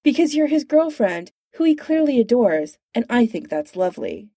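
A woman's voice: fairly high pitch, very animated, moderate pace, no echo, clean studio sound, pitched above the performer's own voice. Woman doing a gushing bubbly young woman. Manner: gushing, bright, chatty. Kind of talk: audiobook character voice.

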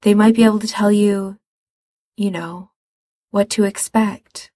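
A woman's voice: mid-range voice, fairly even intonation, unhurried, mellow, no room sound, clean studio sound, close to an everyday voice. A woman voicing an uneasy young man who speaks hesitantly and cautiously in a read-aloud story.

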